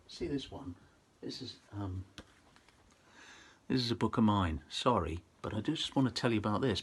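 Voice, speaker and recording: A middle-aged man with a husky, rather low voice talks to school pupils about poetry. He speaks casually and keeps breaking off and restarting his sentences. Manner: chatty, restarts often, reads verse slowly and forcefully. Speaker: poet and author visiting schools. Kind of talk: informal talk to pupils with dramatic poetry reading.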